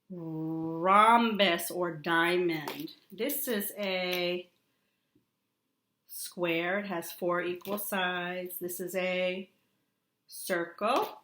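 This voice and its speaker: A woman teaching a young child a remote lesson, drawing out words and repeating them with steady encouragement. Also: lowish voice, roomy sound. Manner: slow, drawn-out, encouraging teacher talk with repetition.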